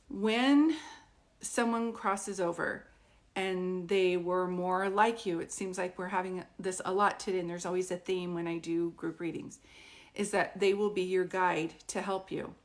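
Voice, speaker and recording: A woman working as a psychic medium, chatting through a live-streamed group reading and often asking whether it makes sense. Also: mid-range voice. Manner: chatty, keeps checking "does this make sense".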